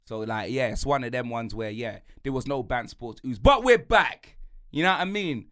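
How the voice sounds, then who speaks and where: A young man with a London accent, hosting a sports podcast and ranting in rapid, slang-heavy banter. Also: mid-range voice, animated, a bit bright. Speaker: podcast host.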